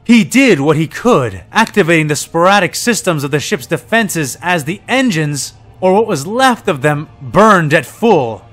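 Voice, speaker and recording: Male narrator, higher voice, steady reading. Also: measured pace, hardly any pauses, faint music behind. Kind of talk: audiobook-style story reading.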